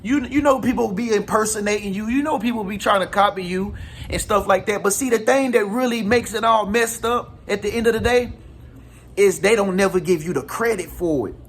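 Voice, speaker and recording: A man's voice: sits high, brisk, fairly bright tone, slight background noise. A man giving casual spiritual advice to his viewers in a slangy, emphatic way, full of rhetorical questions. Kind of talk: casual motivational talk to viewers.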